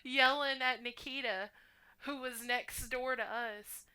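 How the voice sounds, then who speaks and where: A woman's voice: sits high, steady tone, bright, forceful tone, clean tone. A woman from the United States co-hosting a casual podcast, chatty and full of "like". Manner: chatty, full of "like" and quick laughs. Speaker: podcast co-host. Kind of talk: casual chat.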